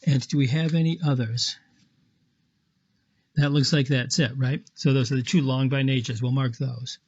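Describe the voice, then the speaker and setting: A man's voice: medium pitch, steady tone, moderate pace, a little mellow, husky, muffled recording. A man teaching Latin in a screen lecture, explaining patiently step by step with small self-corrections. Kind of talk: screen lecture walking through an example.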